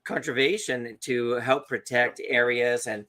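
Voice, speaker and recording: A man co-hosting a podcast, telling a story in a casual, animated way and acting out the quotes. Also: mid-range voice, unhurried. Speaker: podcast co-host.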